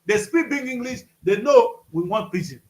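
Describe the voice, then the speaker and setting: Emphatic Nigerian man, high voice. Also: sing-song, moderate pace, echoey room, rough recording. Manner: emphatic, rising to outbursts. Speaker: co-host. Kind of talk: casual panel chat.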